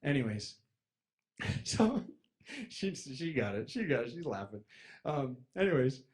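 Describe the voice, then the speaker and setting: Man telling a story with lively swings. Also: measured pace. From East Coast of the United States. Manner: lively, acts out friends' voices, jumps loud and high then drops to a mutter. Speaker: speaker telling a personal story. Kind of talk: animated storytelling to an audience.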